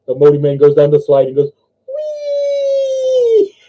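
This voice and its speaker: Young NZ-accented man, stream host, a bit high-pitched, laughs at his own jokes; dull home-mic audio. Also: monotone, rapid-fire, warm tone. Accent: New Zealand. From New Zealand. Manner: giggly, laughs through his own jokes, squeaky voices for characters. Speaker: livestream host. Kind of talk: casual livestream chat and joke telling.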